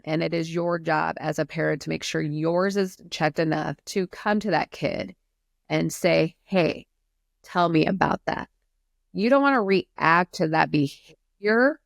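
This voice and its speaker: Low, gravelly-voiced woman therapist. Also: no echo, clean studio sound. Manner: earnest, emphatic, explains at length. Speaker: therapist guest. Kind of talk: podcast conversation.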